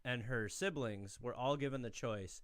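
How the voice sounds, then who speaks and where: A man's voice: mid-range voice, normal speed, smooth, dry recording, clean studio sound. Wry joking man on a podcast. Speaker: podcast guest, comedian. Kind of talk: casual comedy podcast chat.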